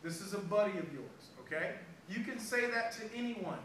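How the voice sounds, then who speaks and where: Sales trainer, man, high voice, lively storyteller, recorded at a distance in a very echoey room. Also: moderate pace. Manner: animated storytelling, acting out dialogue. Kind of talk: motivational sales training talk. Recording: echoey room, far from mic, background noise.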